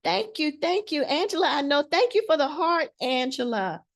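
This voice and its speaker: A woman with a slightly high voice hosting an online money masterclass over a video call. She speaks in an animated, preacher-like way and drives points home by repeating words. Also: moderate pace. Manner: animated, repetitive, preacher-like emphasis. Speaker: financial educator hosting a masterclass.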